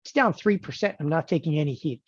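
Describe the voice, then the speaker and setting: A man explains trading with loud emphasis and wry, jokey sarcasm, and he keeps punctuating his points with a quick "okay?". His voice sits mid-range and comes through a dull, slightly muffled recording. The sound is close and dry, with no room echo. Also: on the high side, animated, breathy edge. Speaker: trading educator. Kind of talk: animated teaching with sarcastic asides.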